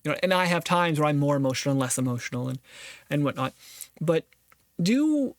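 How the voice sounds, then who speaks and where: A podcast host reflects earnestly on a philosophy text in solo commentary, thinking aloud and often restarting phrases. The voice is medium-pitched, animated and fairly quick, recorded with studio quality and no room sound.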